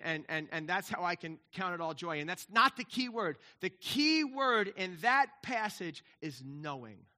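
A male pastor preaching a sermon, swinging from quiet, intimate asides to loud, emphatic passages and repeating key phrases for emphasis. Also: sits high.

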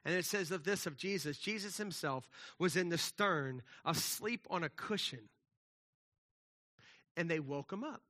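Man preaching with slang, some hushed passages; higher voice, sharp and bright. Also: unhurried. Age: adult with children. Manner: animated, conversational preaching with casual slang; drops to a soft, hushed voice for quiet passages. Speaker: pastor. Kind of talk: sermon.

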